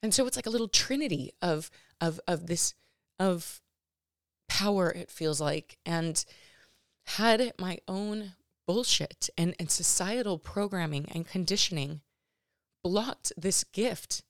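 Unhurried and lowish in pitch, a woman hosting her own podcast reflects on her life, earnest and emotional, sometimes nearly crying. She often uses fillers and restarts her sentences. The studio-quality recording is dry.

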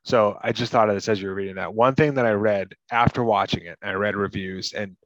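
A man's voice: fairly low pitch, fairly even intonation, fairly quick, a bit bright, no echo, highs cut off. A man from Massachusetts co-hosting a casual movie podcast, rambling with lots of "like" and "you know". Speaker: podcast co-host.

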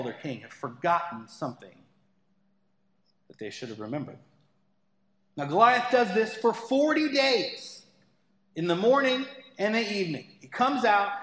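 A man's voice: a little high, a bit bright. A man preaching a sermon as pastor, talking conversationally with playful asides. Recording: echoey hall with long reverb.

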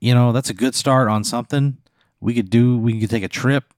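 A man's voice: medium pitch, fairly even intonation, fairly quick, a little mellow, no echo. Male improv player, cursing, exasperated, dry mic. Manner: profane and exasperated. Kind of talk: improvised comedic role-play.

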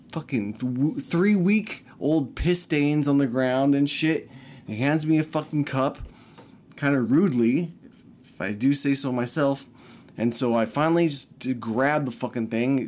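A man's voice: medium pitch, a little mellow, slight background noise. Man ranting with heavy swearing. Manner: profane, heated, rambling. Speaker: storyteller. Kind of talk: casual storytime rant.

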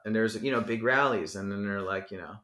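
A man's voice: lowish voice, brisk. Rambling, cursing man in an echoey room. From New Jersey. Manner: rambling, animated, swears freely. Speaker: rapper, podcast guest. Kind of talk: casual interview chat.

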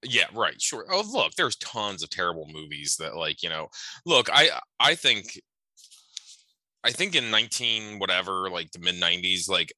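Man, casual chat, very low and bright voice, measured and hedging, dry close mic. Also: very animated, no room sound. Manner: measured, hedging, restarts with repeated "I".

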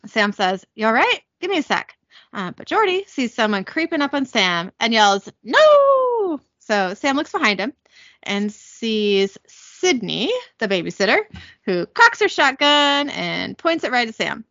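A woman casually recapping a TV episode, reading out the dialogue in quick voices and correcting herself as she goes. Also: a little high, big pitch swings, sharp tone, dry recording, muffled recording. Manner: reads lines in quick character voices, self-correcting. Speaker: podcast host recapping an episode.

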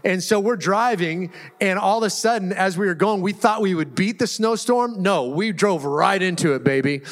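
A man with a high voice preaches a sermon in a loose, joking, conversational way, drifting into stories. His voice rings with long reverb through a church sanctuary. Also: normal speed. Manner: conversational, humorous storytelling preacher. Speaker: pastor. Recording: live church hall reverb.

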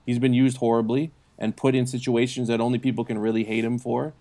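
Chatty male podcast co-host, average pitch, opinionated and rambling. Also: little pitch movement, dark tone. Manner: opinionated, rambling, drawn-out phrases. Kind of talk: casual wrestling chat.

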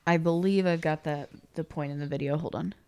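A woman co-hosting a casual podcast, calm and matter-of-fact as she plays clips. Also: low-pitched, brisk, a little hiss or hum. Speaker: podcast co-host. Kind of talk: casual chat.

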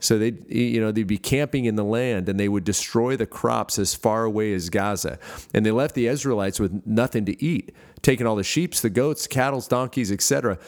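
A man's voice: lowish voice, normal speed, a little mellow. A middle-aged man from the United States preaching a sermon as pastor, earnest, with frequent fillers and restarts. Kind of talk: podcast sermon.

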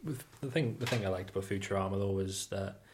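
Low-voiced man in casual chat. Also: fast, a little hiss or hum. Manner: rambling, hesitant, many fillers.

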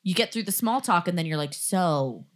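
A woman's voice: on the low side, fast talker. A woman hosting a podcast in casual chat, telling stories animatedly, full of "like" and acted-out quotes. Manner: animated storyteller, heavy use of "like", acts out quotes. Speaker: podcast host.

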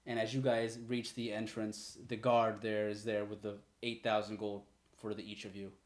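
A man narrating a tabletop game as game master in a loose, relaxed way. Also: lowish voice, normal speed. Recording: roomy echo.

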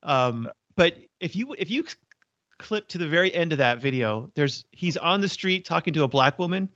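A man's voice: a little high, animated, normal speed, fairly bright tone, dry recording, muffled recording. A man co-hosting a casual podcast chat, explaining his points with frequent restarts. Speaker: podcast co-host.

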